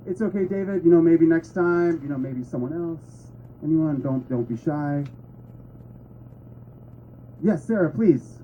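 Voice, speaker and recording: A man playing an upbeat math teacher calling on students in a bright, encouraging voice. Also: fairly high pitch, unhurried, pauses often, lo-fi sound, slight background noise, lightly acted.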